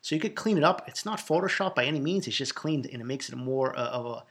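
A man's voice: mid-range voice, lively intonation, quick pace, a bit bright. A man with a Boston accent hosting a solo podcast, answering listener questions in an emphatic, profane, boastful way. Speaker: podcast host.

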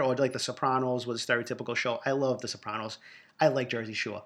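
Speaking fast in a Boston accent, this reality TV reviewer launches into a casual, blunt rant about reality shows, swearing freely. His voice is bright and forceful, sitting at an ordinary middle pitch.

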